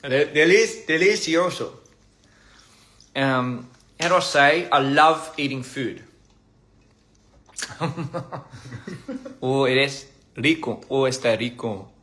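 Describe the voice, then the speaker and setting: A man's voice: medium pitch, takes it slowly, pauses often, a bit bright. A young man on a casual phone livestream, playfully stumbling over foreign phrases while he eats. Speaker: livestream host. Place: indoors at a meal.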